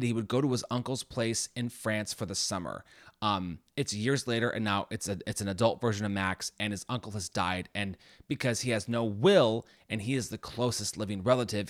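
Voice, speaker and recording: A man's voice: lowish voice, no room sound, studio quality. A man co-hosting a podcast, chatting casually with lots of restarts and casual swearing. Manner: rambling, frequent restarts and laughter. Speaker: podcast co-host. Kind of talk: casual chat.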